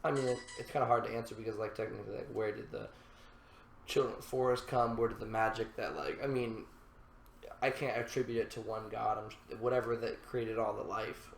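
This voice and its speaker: A man's voice: lowish voice, a little fast, vocal fry, roomy sound, slight background noise. A man co-hosting a reaction show, chatting casually and rambling with restarts. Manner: rambling, restarts mid-sentence. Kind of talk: casual chat about a TV series.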